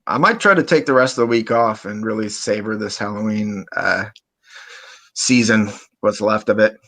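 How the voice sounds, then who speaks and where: A man hosting a casual online chat, relaxed and easygoing, with frequent "uh" fillers. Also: lowish voice, normal speed. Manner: laid-back, frequent "uh" fillers. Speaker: podcast host.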